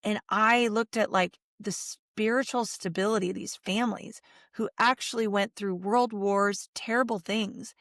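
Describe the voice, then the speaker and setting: Middle-aged woman, interview guest, lively storyteller, voices quotes, mid pitch, dry close mic. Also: a little slow, no echo. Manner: animated storytelling, acts out quotes. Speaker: guest, Catholic speaker and author. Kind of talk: conversational interview.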